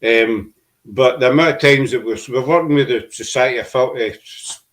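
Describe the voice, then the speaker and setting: A man's voice: mid-range voice, normal speed, fairly bright tone, poor audio. Rambling middle-aged Glaswegian man. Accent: Glaswegian Scottish. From Scotland. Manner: rambling, anecdotal, with restarts and local slang. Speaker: podcast host. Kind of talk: casual chat.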